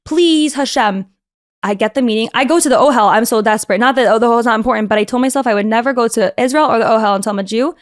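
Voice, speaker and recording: A young woman guest on a podcast telling her story in a fast, animated way, full of fillers. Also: on the high side, dry recording, studio quality. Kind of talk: casual interview talk.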